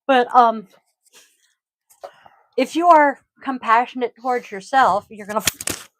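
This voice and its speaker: A woman speaks a little slowly in a high-leaning, fairly bright voice while hosting a casual podcast as a yoga teacher. She rambles and chats, with many ums and throat-clearing. The close-miked home recording is rough, with a little hiss or hum.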